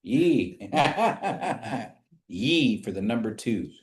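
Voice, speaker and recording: Guy leading an evening language class, patient, repeats words slow, roomy echo. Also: medium pitch, lively intonation, darkish tone. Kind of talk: live in-person language lesson. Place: classroom streamed online. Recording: echoey room.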